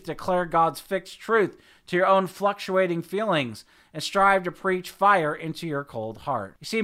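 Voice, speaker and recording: A male preacher delivers a sermon with a high-pitched voice. His tone is bright and forceful, and his delivery is earnest and emphatic, with occasional repeated words as he restarts a phrase.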